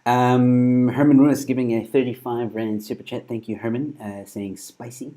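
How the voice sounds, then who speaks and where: A man's voice: mid-range voice, steady tone, moderate pace, mellow. A man, hosting and signing off his show in an upbeat way with many fillers. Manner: upbeat, filler-heavy presenter talk. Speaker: host. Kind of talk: interview wrap-up and sign-off.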